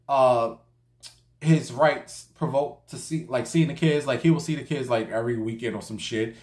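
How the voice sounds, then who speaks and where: A man's voice: medium pitch, darkish tone. A man telling a gossip story in a sassy, profane, slangy way, addressing his viewers directly. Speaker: storytime vlogger. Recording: echoey room.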